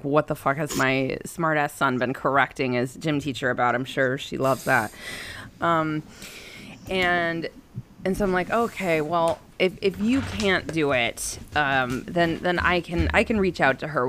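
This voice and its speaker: A woman's voice: low-pitched, unhurried, a bit bright, slight background noise. A woman in her thirties casually telling a personal story, rambling and profane, with an exasperated tone.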